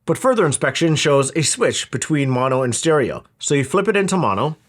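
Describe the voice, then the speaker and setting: A man's voice: on the high side, big pitch swings, fairly quick. A man talking through a product review in a casual, wry, conversational way. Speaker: audio equipment reviewer.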